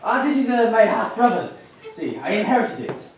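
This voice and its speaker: Young guy doing a cheesy spanish-accented swashbuckler, high and swooping, echoey hall from far off. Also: big pitch swings, normal speed, slight background noise. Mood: boastful. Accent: put-on Spanish. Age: young adult. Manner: hammy, broken English, giggling. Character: boastful male Spanish swashbuckler, Zorro-like. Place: student theatre stage.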